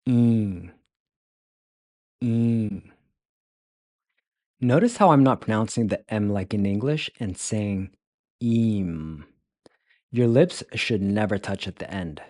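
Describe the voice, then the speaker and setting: A man teaching pronunciation, breaking words into sounds and repeating them slowly and carefully. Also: lowish voice, a little mellow, dry recording, studio quality. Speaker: language teacher. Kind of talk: slow, careful pronunciation lesson.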